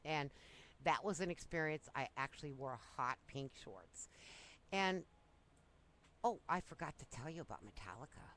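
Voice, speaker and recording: A woman's voice: sits low, lively intonation, normal speed, pauses often, a bit bright, a little hiss or hum, low-quality recording. A woman casually telling breezy, self-amused stories from her younger years. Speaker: storyteller. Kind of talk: casual personal storytelling.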